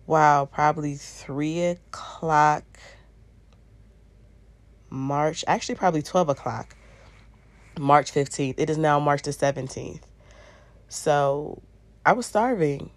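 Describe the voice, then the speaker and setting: A woman's voice: deep voice, slow pace, long pauses, dry recording. A young woman vlogger casually recounting a personal story, full of "um" and "I'm like" asides. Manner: conversational, frequent "um" and "I'm like" quoting.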